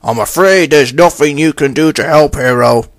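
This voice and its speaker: A man voicing a flustered, hurried male railway boss in a fan audio story, brisk and commanding. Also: a little high, dry recording, close to an everyday voice. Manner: brisk, commanding, loud bursts.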